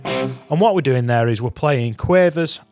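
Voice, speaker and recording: A man's voice: mid-range voice, unhurried. A man teaching a guitar lesson, chatty and encouraging, counting beats aloud as he explains. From England. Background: guitar playing.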